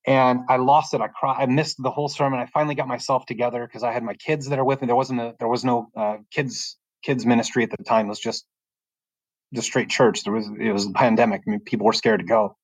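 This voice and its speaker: A man's voice: mid-range voice, steady tone, fast talker, no room sound, poor audio. A man telling his personal faith story as a podcast guest, earnest and rambling, often restarting his sentences, speaking from his bedroom at home. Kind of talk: personal faith testimony in conversation.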